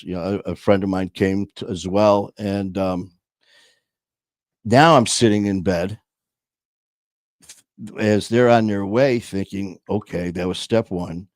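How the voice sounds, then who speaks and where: A man hosting his own show, telling a personal story in a slow, reflective way with many pauses and fillers. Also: low-pitched, fairly even intonation, dry recording, clean studio sound.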